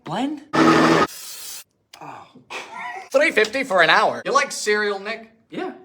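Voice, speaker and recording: A young man hosts a comedic vintage baking show, trading dry sarcastic quips for sudden loud outbursts. His voice is bright and sharp, and his pitch leaps around constantly. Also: very animated, slow pace. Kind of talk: comedic cooking narration.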